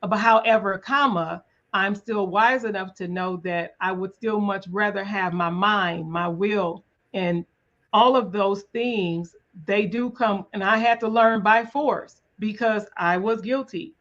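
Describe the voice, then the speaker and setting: A woman's voice: medium pitch, dull audio. A woman hosting a conversational interview, speaking in an earnest, thoughtful way with touches of faith. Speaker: podcast host.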